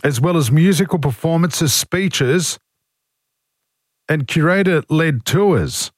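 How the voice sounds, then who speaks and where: Battling a cold, a male Australian talk radio host reads out listener texts and delivers blunt, indignant views. His fairly high voice is animated but slow, captured with clean studio sound and no room noise.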